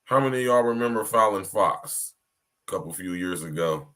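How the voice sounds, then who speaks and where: An animated podcast host with a deep, fairly bright voice talks at normal speed during a livestream. His monologue is rambling, emphatic and repetitive, addressed straight to listeners, and he keeps asking whether they're hearing him.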